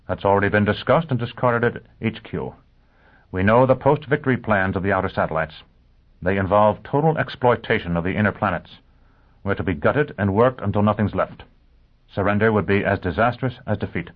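A man voicing a calm, gracious male official who speaks in a measured, composed way, in an audiobook reading. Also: lowish voice, close to an everyday voice. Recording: tinny phone-like audio.

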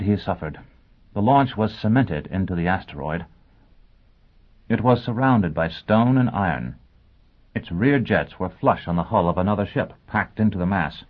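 A man narrating an audiobook in a measured, dramatic reading. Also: low voice. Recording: tinny phone-like sound.

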